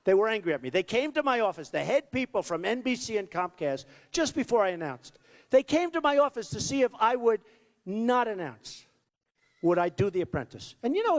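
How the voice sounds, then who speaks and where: A man's voice: sits high, big-room sound. Rambling, boastful man in his sixties at a rally. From New York, United States. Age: 60s. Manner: rambling, boastful, repetitive asides. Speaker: political candidate. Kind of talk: campaign rally speech. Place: large hall with a crowd.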